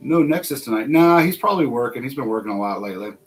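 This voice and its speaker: A man's voice: mid-range voice, expressive, quick pace, rough recording. An American man hosting a casual livestream, talking in a rambling, chatty way and laughing often. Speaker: host.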